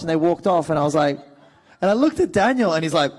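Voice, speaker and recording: An Australian man in his thirties, an actor telling animated stories on a fan panel. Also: a little high, fast talker. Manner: animated storyteller, many fillers. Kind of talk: anecdotal panel talk.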